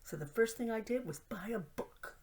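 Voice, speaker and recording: A woman's voice: fairly high pitch, expressive, normal speed, a little mellow. A middle-aged woman telling humorous stories in a playful, self-mocking way, often dropping to a whisper for asides. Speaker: host. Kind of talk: humorous storytelling monologue.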